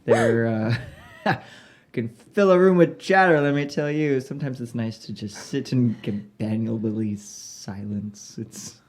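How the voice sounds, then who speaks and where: A woman's voice: extremely low pitch, unhurried, a little mellow. A woman player speaking in character in a tabletop game, dry and playful.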